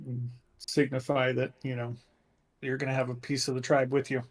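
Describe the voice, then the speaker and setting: A man speaks in a flat, steady tone as he plays his character in a tabletop game. His speech is solemn and measured, and he takes his time over the character's lines. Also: medium pitch. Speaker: player. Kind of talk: in-character tabletop role-play.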